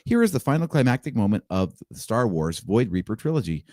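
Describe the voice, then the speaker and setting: A man's voice: on the low side, very animated, a little fast, dark tone, no echo, clean studio sound. Theatrical narrating podcast man. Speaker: podcast co-host. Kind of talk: dramatic reading of a script.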